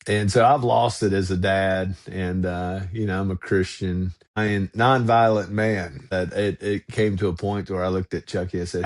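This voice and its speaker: A man's voice: lowish voice, normal speed. A middle-aged man tells a family story casually, with many fillers along the way. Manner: animated anecdote with many "uh" fillers. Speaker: father telling a story.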